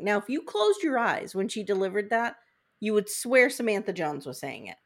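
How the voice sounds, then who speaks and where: A woman's voice: mid-range voice, very animated, moderate pace. A woman hosting a podcast, recapping a TV episode in a candid, jokey, chatty way. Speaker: podcast host. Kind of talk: casual recap chat.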